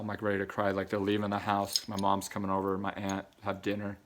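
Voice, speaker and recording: A man's voice: deep voice, completely flat delivery, fast talker. A man giving a rambling personal monologue in casual slang, repeating himself and getting emotional. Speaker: vlogger.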